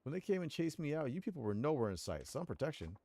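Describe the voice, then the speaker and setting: A shrill, indignant cafe owner, put on by a man reading game subtitles aloud, raising his voice high in protest. His pitch swings widely and his complaints come out loud and defiant. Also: sing-song, fast. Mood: outraged.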